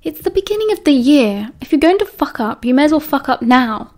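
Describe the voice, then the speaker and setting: A woman's voice: high voice, very animated, fairly quick, darkish tone, pitched above the performer's own voice. A woman doing a cocky teenage British lad. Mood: breezy. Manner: teasing, mocking. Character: cocky teenage boy, teasing and brash.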